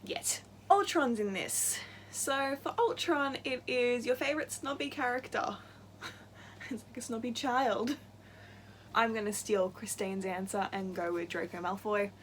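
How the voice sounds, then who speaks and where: Excitable young woman book vlogger. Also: on the high side, unhurried, slight background noise. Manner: gushing and excitable, laughs often, gets worked up. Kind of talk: casual book-tag vlog.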